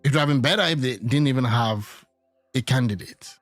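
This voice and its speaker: A man's voice: mid-range voice, fairly quick, a bit bright, dry recording, faint music behind. A man giving casual, musing political commentary, often repeating himself as he thinks aloud. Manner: musing, hesitant, repeats words.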